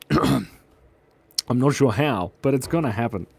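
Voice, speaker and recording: A man's voice: medium pitch, moderate pace, vocal fry, no room sound. An Australian man hosting a live drawing stream, chatting playfully and reacting to viewer chat as he draws. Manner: playful, animated, reads viewer chat aloud.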